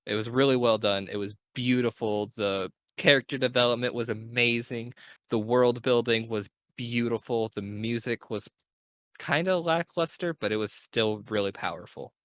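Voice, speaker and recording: A man's voice: medium pitch, moderate pace, fairly bright tone, no echo. A young man hosting a casual gaming podcast, talking in an enthusiastic, rambling way and correcting himself as he goes. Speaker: podcast host.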